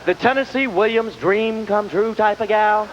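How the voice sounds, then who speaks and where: This Southern comedian has a high voice and a moderate pace, and his accent marks him as from the Southern US. He performs stand-up at a music hall with wry, punchy timing and acted asides, recorded on dull VHS amid audience noise and laughter.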